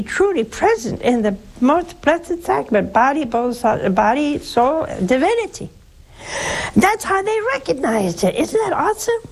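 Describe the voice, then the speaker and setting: An older woman, a nun, preaching and counseling callers on a religious call-in show, slow and emphatic, leaping up in pitch for stress. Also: poor audio.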